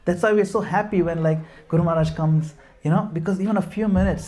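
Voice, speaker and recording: Faint music plays behind a high-pitched, slightly mellow male voice with lively intonation, talking fast and barely pausing. He is a middle-aged man from Gujarat, India, speaking at a devotional home program, telling stories, laughing at himself, and mixing in Hindi and Sanskrit verses.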